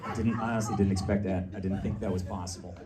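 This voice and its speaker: A man from Massachusetts doing a stand-up comedy set before a live audience, chatty and riffing, breaking into shouted rants. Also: low-pitched, fairly even intonation, quick pace, recorded from a distance, a loud crowd.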